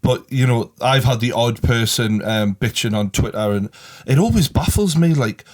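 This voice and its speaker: A man's voice: mid-range voice, normal speed. A man with a Geordie accent co-hosting a casual podcast, blunt and swearing casually. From Newcastle, England. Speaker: podcast co-host.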